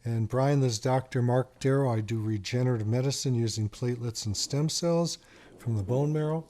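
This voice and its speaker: Man, middle-aged, radio doctor, casual storytelling, warm dark voice, average pitch. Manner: chatty, storytelling, repeats phone number slowly. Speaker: radio show host and doctor. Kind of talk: call-in radio talk.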